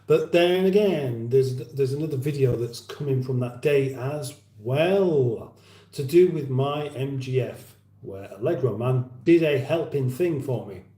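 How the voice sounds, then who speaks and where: A man's voice: mid-range voice, measured pace, dark tone. A man hosting a casual livestream chat, rambling with dry humour as he reads viewer comments. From England. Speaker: livestream host. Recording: roomy echo.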